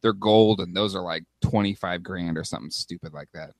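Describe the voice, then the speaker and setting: A man co-hosting a podcast, talking in animated casual chat. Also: fairly quick, no echo, clean studio sound. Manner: animated, jumps in pitch when excited. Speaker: podcast co-host.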